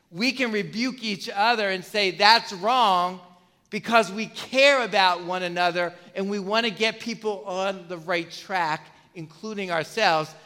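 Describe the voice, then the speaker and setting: A man's voice: high-pitched, bright, forceful tone. A man preaching a sermon to a congregation in a conversational way, often asking them questions and repeating his words. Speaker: pastor. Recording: long reverb of a church hall.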